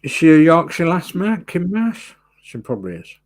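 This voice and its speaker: A man's voice: fairly high pitch, sing-song, normal speed. A man hosting a model-building livestream, chatting casually and muttering to himself as he works. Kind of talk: casual chat while building.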